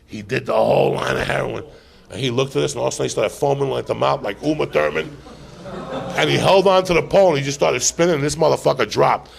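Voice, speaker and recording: Gravelly guy yelling crude stories on a live podcast, mid pitch. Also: fast. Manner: loud, profane, rowdy storytelling. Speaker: podcast host.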